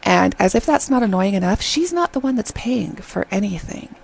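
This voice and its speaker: A woman chatting through a casual video review, retelling scenes in an animated way and often checking in with "okay?". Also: medium pitch, normal speed, creaky, husky, poor audio. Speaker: drama reviewer.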